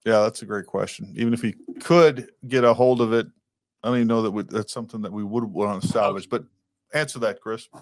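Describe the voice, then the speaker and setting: A man's voice: on the low side, fairly even intonation, fairly quick, no room sound. Man, podcast host, conversational, dry close sound. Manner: conversational, reads out a listener's question. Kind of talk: casual interview.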